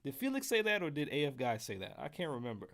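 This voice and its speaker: An American man teaches trumpet scales in a live-streamed music lesson, staying casual and joking with the chat. His voice is fairly high and a bit bright, fast, with big swings in pitch.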